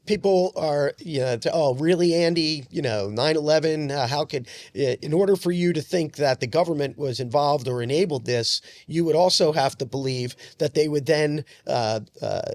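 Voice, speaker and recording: A man who is a podcast guest, talking in an animated way with lots of "uh" fillers and sudden bursts of speed. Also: mid-range voice. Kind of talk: casual podcast conversation.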